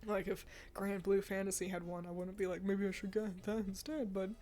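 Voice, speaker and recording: A woman at a mid pitch chatting on a stream, rambling and candid, cursing freely. She sounds a little stuffy-nosed and tired, breaking off into sighs and laughs. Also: little pitch movement, a little fast, dark tone, soft background music. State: stuffy nose, yawning. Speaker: streamer reacting to game awards. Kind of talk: casual live-stream chat.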